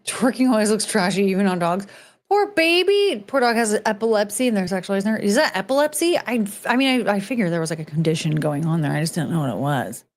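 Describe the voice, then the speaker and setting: A woman's voice: medium pitch, fast, few pauses. Blunt rambling woman host. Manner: rambling, blunt, swears casually. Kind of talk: casual chat reacting to clips.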